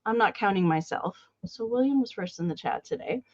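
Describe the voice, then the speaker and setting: A woman's voice: mid-range voice, animated, brisk, no room sound, dull audio. A woman hosting a live online sale, chatting casually and greeting viewers by name. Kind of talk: casual live-stream chat.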